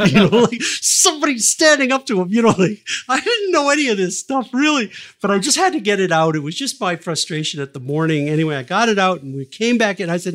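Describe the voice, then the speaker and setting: An older man, a record producer, speaks briskly in a fairly high voice while telling long anecdotes in a podcast interview. A lively raconteur, he uses many fillers and restarts and acts out the lines he quotes.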